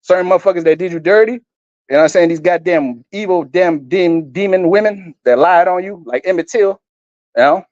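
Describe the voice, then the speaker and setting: A man's voice: high voice, a little fast, darkish tone, dry recording, dull audio. A man reading scripture aloud and breaking into blunt, profane, rambling commentary. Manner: blunt, crude and rambling, often stumbling over words. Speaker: street preacher.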